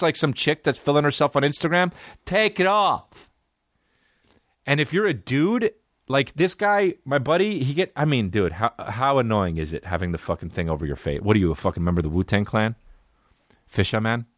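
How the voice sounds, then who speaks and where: A man's voice: medium pitch, animated, brisk, no room sound, clean studio sound. A man hosting a solo comedy podcast, ranting and riffing with profane, exaggerated stories. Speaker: podcast host.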